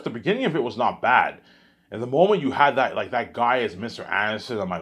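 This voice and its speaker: A man speaks very low, with a husky, rough edge to his voice. He rambles through a casual vlog monologue, repeating words and restarting sentences as he goes. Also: expressive, quick pace. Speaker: vlogger.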